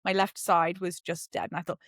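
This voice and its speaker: A middle-aged British woman, a podcast guest, telling a personal story in a lively way and acting out the voices she quotes. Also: fairly quick, no room sound, studio quality. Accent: British English. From Britain. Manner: lively, acts out quoted voices with sudden high jumps. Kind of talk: animated storytelling.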